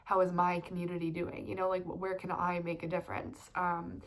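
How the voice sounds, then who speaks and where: This is a woman in her twenties with a fairly low, monotone voice, going a little fast. Stuffed up from a cold, she rambles about tarot and astrology with plenty of fillers in a laid-back spiritual vlog.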